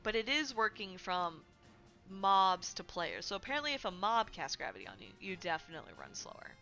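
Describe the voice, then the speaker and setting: Woman streamer, chatty host, bright tone, faint music underneath. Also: medium pitch, very animated, fairly quick, gravelly. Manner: chatty, full of "like" and "right?". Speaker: livestream host. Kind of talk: casual game news chat. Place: home streaming setup.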